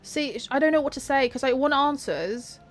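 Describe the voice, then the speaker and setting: A woman's voice: sits high, expressive, normal speed, faint music behind. A woman giving casual, hesitant let's-play commentary, thinking aloud as she picks dialogue choices. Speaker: gamer playing through a story game.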